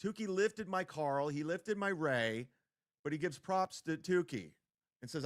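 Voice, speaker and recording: A man's voice: fairly high pitch, unhurried. A male streamer ranting and mocking while reacting to a clip, swearing a lot. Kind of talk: livestream commentary.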